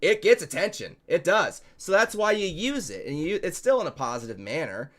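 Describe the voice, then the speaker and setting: A man with a fairly bright, high-side voice hosts a laid-back podcast as a show host and promoter, speaking in a sing-song way at a moderate pace. He tells stories emphatically and swears heavily.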